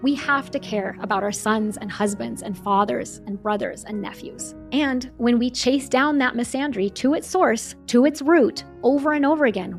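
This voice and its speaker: A woman hosting a podcast, delivering a calm, earnest scripted monologue in a measured way. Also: fairly high pitch. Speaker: podcast host.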